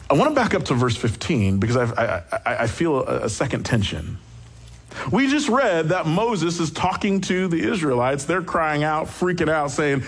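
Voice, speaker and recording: A male pastor delivers a sermon in a casual, animated way, breaking into quick asides. His voice sits fairly high for a man and has a husky, slightly breathy edge.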